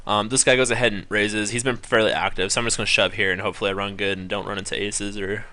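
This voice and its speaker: A man's voice: lowish voice, little pitch movement, fast talker, bright, forceful tone. A young man giving casual live-stream commentary on poker, rambling with many ums and correcting himself as he goes. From California.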